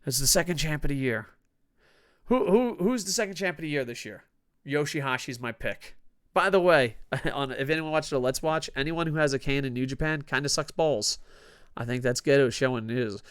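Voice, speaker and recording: A man hosting a wrestling news show in a casual, grumpy, profane rant that swings from low mutters to loud outbursts. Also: expressive, normal speed, clean tone.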